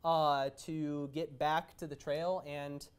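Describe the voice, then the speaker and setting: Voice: medium pitch, flat delivery, slow pace, clean tone. A young adult co-host telling a story in a casual chat, meandering and stop-start, with frequent hesitations.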